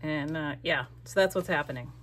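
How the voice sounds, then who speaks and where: A woman hosts her own crafting channel in a casual, rambling way. Her voice sits on the lower side, and she often breaks off mid-thought while she glues. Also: a little fast, fairly bright tone. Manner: chatty, rambling, self-interrupting.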